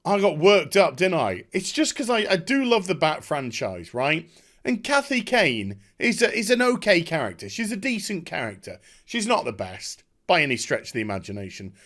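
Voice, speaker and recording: Heated, high-pitched ranting man. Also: a bit bright. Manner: heated, scornful, profane. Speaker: online commentator. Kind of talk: angry rant vlog.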